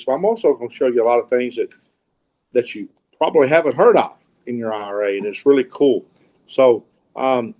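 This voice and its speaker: A middle-aged man with a Southern accent talks through an informal online presentation. His voice is mellow and relaxed, and his pitch sits in the middle of the male range. He rambles in a folksy way, restarting sentences and doubling up on words. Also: lo-fi sound. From Mississippi. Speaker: guest speaker, real estate investor.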